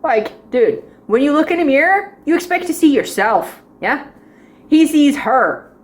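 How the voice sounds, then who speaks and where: Young woman with a high voice, rambling drama reviewer, giggles through her thoughts. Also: expressive, a little slow. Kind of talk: casual spoken review.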